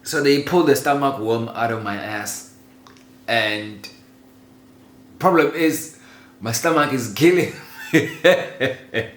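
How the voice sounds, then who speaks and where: A man telling a childhood story in a casual, animated way, laughing often and swearing freely. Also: mid-range voice, takes it slowly, long pauses. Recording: roomy echo with faint ambient noise.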